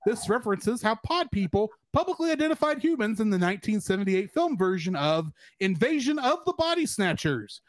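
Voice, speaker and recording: Male co-host, high pitch, dry sound; steady recapping voice with dry humor. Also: a little fast, few pauses, dry recording. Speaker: podcast co-host. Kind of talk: casual chat, part read-out recap.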